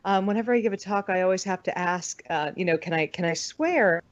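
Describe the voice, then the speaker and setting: A woman's voice: on the low side, a little fast, no echo. An American woman chatting on a podcast, telling stories and dropping swear words as she acts out other people's lines. Her voice comes through dry and a little dull, with no room sound around it. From United States. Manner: chatty storyteller who swears freely and acts out quotes. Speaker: podcast guest. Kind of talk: casual chat.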